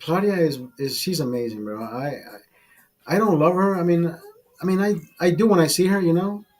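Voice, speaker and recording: A man's voice: a little high, moderate pace, darkish tone, soft background music. A man hosting a casual late-night chat over beers, tipsy, crude and rambling, repeating himself and laughing often. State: tipsy from drinking. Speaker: livestream host.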